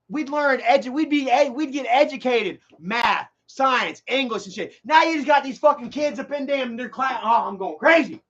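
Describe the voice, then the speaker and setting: High-voiced man ranting profanely. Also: a bit bright. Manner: heated, profane, rambling with many restarts. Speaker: vlogger. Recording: dull lo-fi recording.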